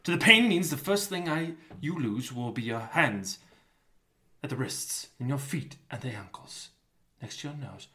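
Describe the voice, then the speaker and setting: A man voicing a grim young swordsman, speaking low, slow and threatening. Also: animated. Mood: menacing. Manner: low, hushed, slow menace. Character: grim young male swordsman, cold and menacing.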